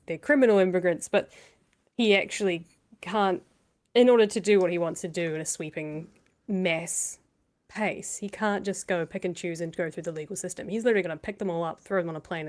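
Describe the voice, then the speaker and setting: A woman co-hosting a podcast, giving earnest, thoughtful political commentary with frequent restarts. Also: on the low side. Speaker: podcast co-host.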